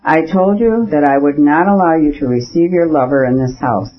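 A man's voice: moderate pace, close to an everyday voice. Man reading a cold, stern aristocratic husband. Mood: cold anger. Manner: cold, contemptuous, shrill when angry. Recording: dull lo-fi audiobook recording.

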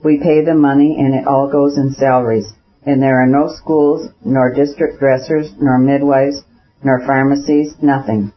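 A man's voice: medium pitch, fairly even intonation, a little slow, close to an everyday voice. Earnest elder brother, educated and lecturing , read by a man; persuasive, dull lo-fi audio. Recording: dull lo-fi recording.

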